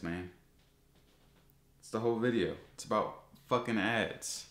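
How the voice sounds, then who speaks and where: A man vlogging, ranting about ads with heavy swearing, his voice jumping up high when he gets exasperated. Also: measured pace, a bit bright, reverberant. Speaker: YouTuber. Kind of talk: casual ranting vlog.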